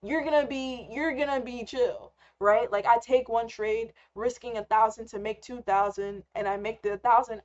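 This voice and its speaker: A young woman talks through an unscripted live rant, candid and rambling, swearing freely. Her voice sits a little high. The recording is somewhat dull and lo-fi. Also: steady tone, moderate pace, hardly any pauses, a little mellow. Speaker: trader and vlogger. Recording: slightly muffled lo-fi recording.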